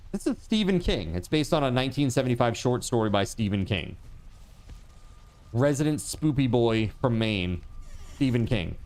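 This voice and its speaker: A male game streamer talking casually to his live chat, rambling and filling gaps with lots of filler words. His pitch rises and falls a great deal, so he sounds lively and animated. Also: clean tone. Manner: rambling, chatty, many fillers; talks to chat viewers. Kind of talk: casual livestream chat while gaming.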